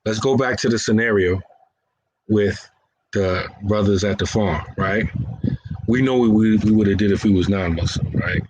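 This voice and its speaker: A man's voice: lowish voice, moderate pace, darkish tone, slight background noise, poor audio. Playful man talking through street scenarios. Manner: playful, laughs at his own lines. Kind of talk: casual talk acting out scenarios.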